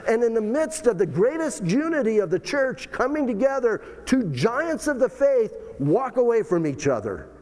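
A man preaching a sermon as pastor, animated, full of rhetorical questions and big swings in tone. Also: extremely high pitch, in a large hall.

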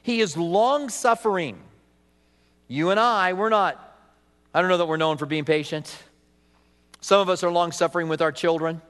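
A male pastor preaching a sermon, swinging between loud emphasis and soft, hushed lines. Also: sits high, moderate pace, long pauses, smooth, in a large hall.

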